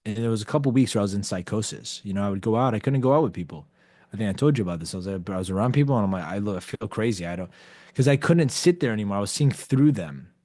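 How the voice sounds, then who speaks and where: A man's voice: fairly low pitch, fast, dry recording. Dry close-miked man telling a story. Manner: animated storyteller who acts out quoted dialogue, frequent "like" fillers. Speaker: podcast guest. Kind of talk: casual storytelling conversation.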